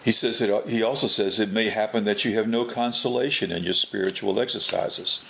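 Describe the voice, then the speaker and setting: A man with a low, gravelly voice delivers a religious teaching at an unhurried pace. He often restarts his phrases and repeats words as he works through a point. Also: fairly even intonation, sharp tone, slight background noise. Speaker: Catholic preacher.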